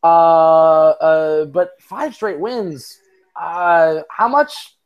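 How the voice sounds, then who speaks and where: A man's voice: a little high, extremely slow, clear, resonant tone, lo-fi sound. A young man co-hosting a casual sports podcast, rambling and profane, with lots of fillers and restarts. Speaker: podcast co-host.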